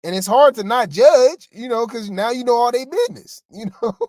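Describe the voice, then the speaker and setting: This gossip commentary comes from an animated, rambling co-host at a moderate pace, sounding exasperated and often addressing the audience. The mid-pitched voice is a little mellow, captured dry and close with no room sound.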